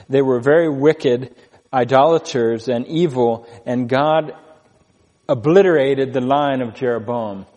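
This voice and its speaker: A man preaching an expository sermon, reading scripture slowly and stressing key words with deliberate pauses. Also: mid-range voice, darkish tone, long reverb tail. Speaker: pastor.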